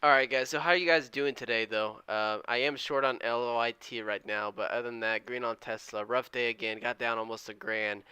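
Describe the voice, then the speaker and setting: Quiet-voiced man streaming his trades. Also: medium pitch, steady tone, fairly quick, hardly any pauses, clean tone, dry recording. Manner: chatty, reads out viewer comments and counts aloud; talking kind of quiet. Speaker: day trader live-streaming. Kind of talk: casual live-stream chat. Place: indoors at home.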